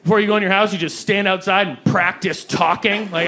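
A young man doing a stand-up comedy set, animated and breaking into acted voices for the people in his stories. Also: a little fast, faint music behind. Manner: animated, jumps into high-pitched acted voices for quoted people. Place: comedy club stage before a live audience. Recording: live club recording with loud crowd and noise. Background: audience laughter.

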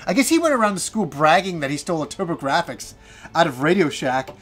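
A man in his forties, a gaming channel host, telling a casual story in an animated, self-mocking way with some swearing. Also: fairly high pitch, fairly quick.

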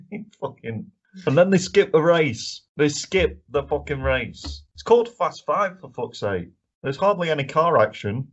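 A man's voice: on the high side, sing-song, unhurried, husky. A man co-hosting a casual film review podcast, ranting and swearing often with frequent laughs. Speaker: podcast co-host. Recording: dull lo-fi podcast audio.

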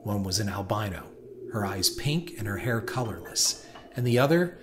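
A man giving a measured, dramatic scripted narration of a horror story. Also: lowish voice, lively intonation. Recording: noisy hiss behind voice.

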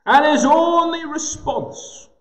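A man preaching a sermon in a gospel hall, slow and emphatic with dramatic pauses. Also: very high voice, fairly bright tone. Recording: echoey hall with long reverb.

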